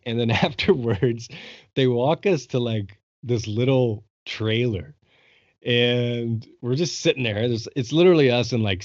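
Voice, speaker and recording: A young man hosting a podcast, telling a long story in an excited, casual way and swearing freely. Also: mid-range voice, no room sound, lo-fi sound. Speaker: podcast host. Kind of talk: casual chat.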